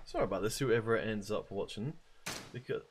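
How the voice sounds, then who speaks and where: A let's play host with a lowish voice chats fairly quickly while casually playing a video game, reading the game's dialogue aloud in put-on voices. There's noise in the background.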